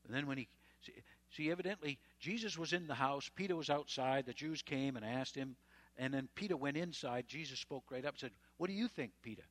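A man's voice: medium pitch, brisk, a bit bright, no echo. A man preaching a sermon, retelling scripture in a conversational, folksy way with chatty asides. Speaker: pastor.

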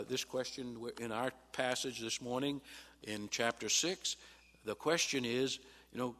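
A pastor giving a Bible sermon in an emphatic teaching manner, pausing on "uh" and rising sharply on quoted replies. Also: male voice, mid-range voice, pushed and bright. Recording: long hall reverb.

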